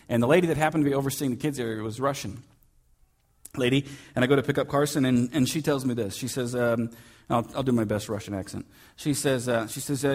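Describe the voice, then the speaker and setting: Speaking at a medium pitch, this man delivers a church sermon as pastor in an easygoing, story-driven style peppered with filler words.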